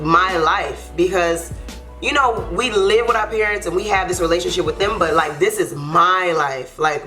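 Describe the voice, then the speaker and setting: Young woman, lowish voice, earnest, heartfelt storytime, casual fillers. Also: pushed and bright. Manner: earnest, heartfelt, loose with fillers like "like" and "you know". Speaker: YouTube co-host. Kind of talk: emotional storytime.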